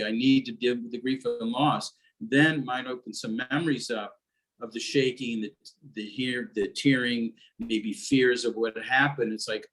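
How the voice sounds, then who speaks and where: A man who teaches mindfulness, speaking gently and reflectively about grief, often pausing and searching for words, in a conversation over a video call. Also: medium pitch, poor audio.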